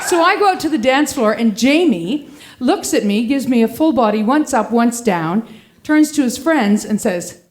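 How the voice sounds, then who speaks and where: A woman in her fifties telling a personal story on stage at a live storytelling event, animated and laughing as she acts out the people in it. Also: fairly high pitch, moderate pace, a little hiss or hum.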